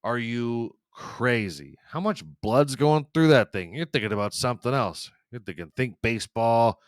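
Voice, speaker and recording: A man's voice: medium pitch, expressive, normal speed, clear, resonant tone, no echo, studio quality. Profane, ranting male podcast host. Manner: profane, rambling, sarcastic. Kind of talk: comedic ranting monologue.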